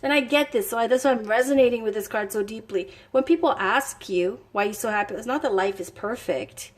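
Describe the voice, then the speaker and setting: A woman's voice: on the high side, fairly quick. A woman giving a casual tarot reading, reading card passages aloud and chatting enthusiastically as she thinks aloud. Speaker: tarot reader.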